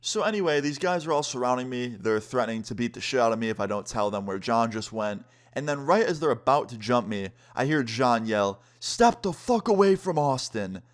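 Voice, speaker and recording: A young man on his vlog spinning a casual storytime at an everyday pitch. He talks loosely, leaning on "like" and fillers, and slips into other people's lines as he retells them. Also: a little fast, few pauses. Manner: chatty, many fillers and "like"; acts out quotes of others. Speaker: vlogger.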